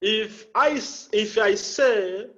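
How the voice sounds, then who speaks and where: Man, public speaking coach, slow deliberate delivery, repeats key phrases, dull lo-fi sound. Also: sits high, bright, forceful tone. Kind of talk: instructional talk with spoken examples.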